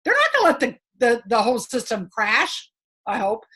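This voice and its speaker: A middle-aged woman giving an upbeat, emphatic motivational training talk to her sales team, chatty and quick to laugh. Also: on the high side, huge pitch swings, pushed and bright, slightly rough. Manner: laughs between points.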